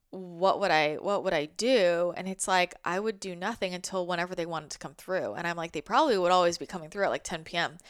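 A woman's voice: on the low side, a bit bright, clean tone, no room sound, studio quality. A young adult woman talking casually and reflectively as a spiritual channel, rambling with lots of fillers, heartfelt and sometimes swearing. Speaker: spiritual channel, podcast host.

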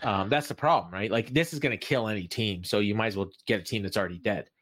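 A man's voice: on the low side, fast talker, fairly bright tone. A man co-hosting a podcast, recapping wrestling in a casual chat and raising his voice to act out the quoted lines. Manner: recaps at length, acting out quoted lines in a raised voice. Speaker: podcast co-host.

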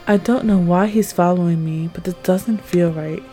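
A woman narrating a tense second-person audio story in a measured way. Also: fairly low pitch, mellow, low-quality recording. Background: music.

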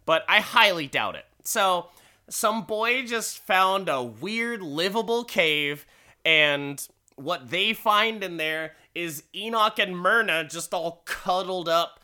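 A man casually recaps a story in a slow, unhurried way, swearing freely and laughing as he goes. His voice is bright and clear with a fairly high pitch for a man. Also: animated.

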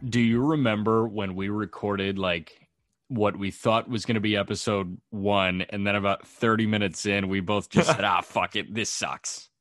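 A man's voice: on the low side, fairly even intonation, moderate pace, fairly bright tone, dry recording, clean studio sound, soft background music. A man co-hosting a podcast, talking in a wry, joking way. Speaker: podcast co-host. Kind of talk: casual chat.

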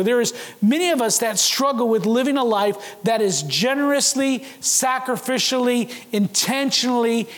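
High-voiced man preaching in a reverberant hall. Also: a bit bright. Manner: earnest preaching with rhetorical questions to the congregation. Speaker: pastor. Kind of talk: sermon. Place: church sanctuary.

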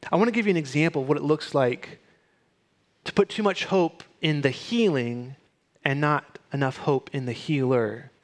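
Male pastor, slightly high voice, conversational sermon that moves from hushed to urgent. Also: moderate pace.

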